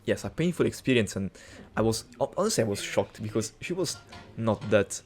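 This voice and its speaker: A young man talks in a casual, rambling monologue, cursing freely and restarting his sentences. His voice sits a little low, and his storytelling wanders. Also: expressive, fairly quick, a little mellow, soft background music. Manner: rambling, profane, many restarts and fillers. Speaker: cooking vlogger.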